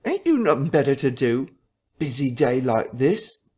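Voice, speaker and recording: A man reading a story aloud, voicing a sharp-tongued, impatient innkeeper's wife in his own plain voice. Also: medium pitch, big pitch swings, measured pace, breathy edge. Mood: scolding. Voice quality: scolding, impatient. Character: sharp-tongued innkeeper's wife, middle-aged woman, scolding.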